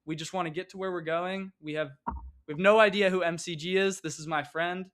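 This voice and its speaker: A man's voice: high voice, fairly even intonation, brisk, fairly bright tone. A young man voicing his teenage friend, a joker, nervously pleading that they mean no harm.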